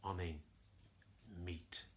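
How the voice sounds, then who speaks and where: A man's voice: steady tone, extremely slow, a bit bright, full character voice. A man voicing a powerful male jaguar who speaks coolly and slyly. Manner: cool, low, sly. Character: powerful predatory male jaguar, cool and menacing.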